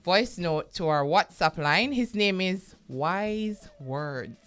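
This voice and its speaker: A woman's voice: on the low side, lively intonation, takes it slowly, a bit bright. Laughing Jamaican woman radio co-host. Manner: laughs often, chatty. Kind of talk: morning radio chat.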